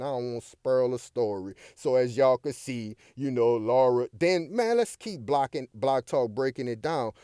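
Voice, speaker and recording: Male reviewer, mid pitch, animated and foul-mouthed, dry close sound. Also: no room sound. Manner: animated, swears constantly, addresses listeners directly. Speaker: show reviewer. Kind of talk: casual profane commentary.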